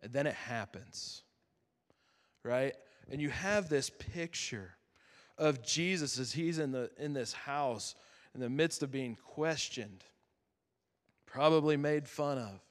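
A man's voice: mid-range voice, expressive. Earnest male preacher in reverberant chapel. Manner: earnest and conversational, dramatic pauses, softens to near-whisper. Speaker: youth pastor. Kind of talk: sermon.

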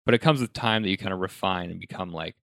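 A man's voice: sits low, fast, gravelly, no echo, clean studio sound. A man hosting a podcast, chatting casually and reflectively about stand-up comedy with lots of "like" fillers. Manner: relaxed, reflective, many "like" fillers. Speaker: podcast host. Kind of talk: casual chat.

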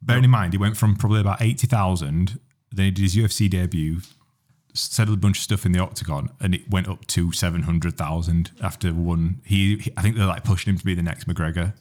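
A man's voice: low-pitched, fairly even intonation, fast talker, a little mellow. A young man co-hosting a podcast, chatting in a teasing, storytelling way. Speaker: podcast co-host. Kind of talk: casual chat.

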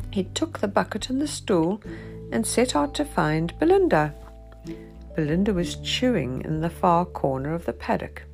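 Slow, gravelly woman reading a picture book. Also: medium pitch, a little mellow. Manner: sing-song, repetitive storybook rhythm. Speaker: storyteller.

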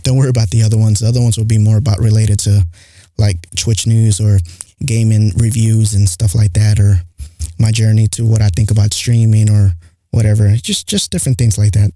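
A man's voice: lowish voice, level tone, fairly quick, dark tone, no echo. A young man with an accent, hosting a podcast in a rambling, candid monologue full of "like.". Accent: non-standard English accent. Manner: rambling and candid, heavy use of "like". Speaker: podcast host. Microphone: studio mic close up.

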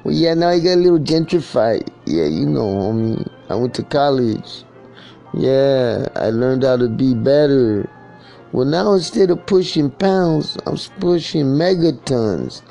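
Gravelly, mellow-toned man, rambling comic monologue, sing-song bits, faint music under. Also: medium pitch, lively intonation, measured pace. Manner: rambling, jokey, slips into sing-song chants.

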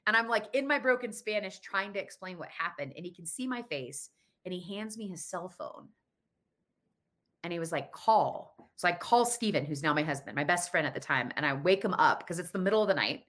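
Woman telling a personal story, lower voice. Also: fairly quick. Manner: animated, acts out dialogue in quoted voices.

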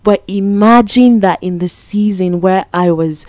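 A woman giving a conversational motivational talk. She repeats words for emphasis and grows animated and laughs when she tells stories. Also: mid-range voice, a little slow, no echo. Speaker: motivational speaker.

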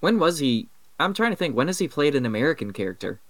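A man's voice: a little high, sing-song, fast, dry recording. A man co-hosting a casual movie commentary, playful, quoting lines and laughing often. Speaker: podcast co-host.

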